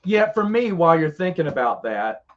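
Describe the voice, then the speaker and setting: A man's voice: a little high, very animated, a little fast. A man co-hosting a podcast in casual chat, stammering and restarting, laughing often and slipping into playful put-on voices. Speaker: podcast co-host. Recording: slightly dull lo-fi sound.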